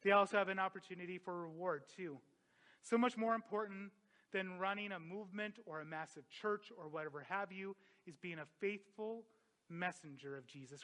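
A man preaching a sermon as a pastor, impassioned, swinging from loud emphatic peaks to quiet reflective drops. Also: sits high.

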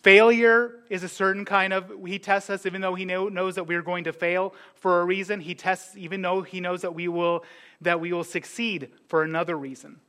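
High, bright-voiced man preaching. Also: level tone, normal speed. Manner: earnest, conversational preaching with restarts. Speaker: pastor. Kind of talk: sermon.

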